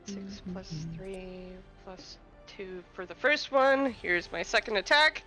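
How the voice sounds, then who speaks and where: A woman's voice: medium pitch, lively intonation, slow pace, bright, forceful tone, soft background music. A woman playing a tabletop game, tallying her dice rolls aloud and laughing often. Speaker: player.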